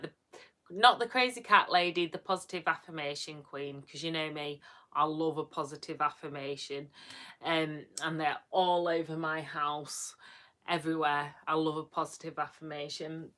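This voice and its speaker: A woman's voice: sits low, pushed and bright. Bubbly woman with broad Yorkshire accent. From Yorkshire, England. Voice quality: a bit gruff. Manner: chatty, bubbly, rambling with fillers. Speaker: vlogger livestreaming to viewers. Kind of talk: casual chat with live viewers.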